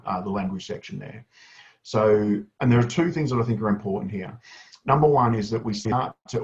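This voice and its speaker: A man giving a casual, energetic webinar tutorial to school leaders, chatty with asides. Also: fairly low pitch. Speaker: education consultant presenting a webinar. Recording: dull lo-fi webinar audio.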